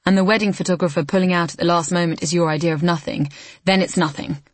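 A woman's voice: fairly low pitch, fairly even intonation, fast talker, no echo, natural voice. Woman voicing a clipped, anxious young lawyer. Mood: worried.

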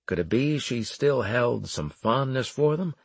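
A man narrating a first-person story in a plain, wry, steady manner. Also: medium pitch, measured pace, vocal fry, husky, no room sound. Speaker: audiobook narrator.

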